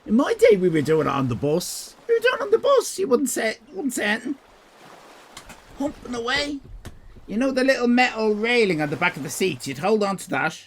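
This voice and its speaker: A man putting on a shrill ranting old codger. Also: big pitch swings, fairly quick, exaggerated voice. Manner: high squawking rant.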